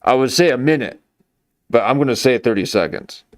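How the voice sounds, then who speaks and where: A man's voice: mid-range voice, lively intonation, fairly quick, no room sound, clean studio sound. A man giving rambling, mocking live-stream commentary into a desk microphone. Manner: mocking, meandering, full of restarts.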